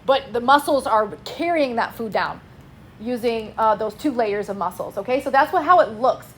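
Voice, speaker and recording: Chatty woman teacher, higher voice. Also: animated, normal speed, a little hiss or hum. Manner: casual, chatty, with call-and-response prompts. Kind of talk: classroom lecture.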